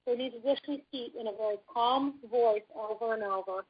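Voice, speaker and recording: A woman talks through practical advice in a calm, instructive manner. Her voice sits a little high and comes out breathy and husky. The recording is dull and lo-fi. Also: brisk. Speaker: podcast co-host. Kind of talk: advice talk. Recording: dull lo-fi audio.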